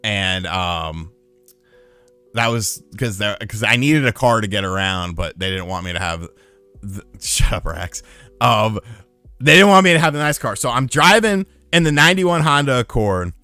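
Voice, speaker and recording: A man streaming live tells rambling, profane stories in casual chat, animated throughout. His lowish voice is clear and resonant at a moderate pace. The recording is dry, with soft background music.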